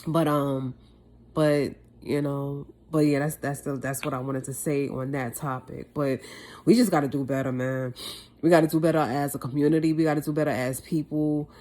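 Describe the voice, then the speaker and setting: A woman's voice: low voice, steady tone, moderate pace, mellow. A woman vlogger speaking a heartfelt monologue to the camera, impassioned and repeating phrases for emphasis.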